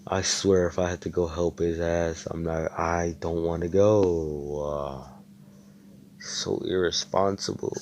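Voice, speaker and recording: A man's voice: low-pitched, steady tone, slow pace, a little mellow, a little hiss or hum. A man voicing a stressed young male magic knight in a fan story, swearing in an exasperated way.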